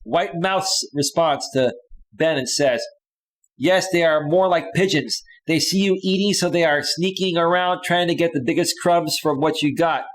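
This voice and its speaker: A male dating coach talks through a live stream, reading viewers' chat comments aloud and answering them in an emphatic, conversational way. His voice sits a bit higher than most men's. He keeps checking in with "right?" as he makes his points. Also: moderate pace. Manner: emphatic, repeats "right?" often.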